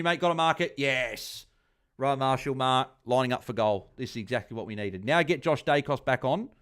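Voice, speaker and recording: Chatty man commentating a live watchalong. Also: medium pitch. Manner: chatty, reads viewer comments aloud, cheers on players. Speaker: host of a fantasy football watchalong stream. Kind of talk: casual live-stream commentary.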